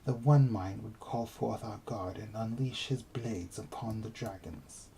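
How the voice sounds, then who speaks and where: A man reading aloud as a formal insect-tribe elder in a video game, using a put-on British accent and a slow, stately delivery. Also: on the low side, creaky, warm tone, low-quality recording. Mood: solemn.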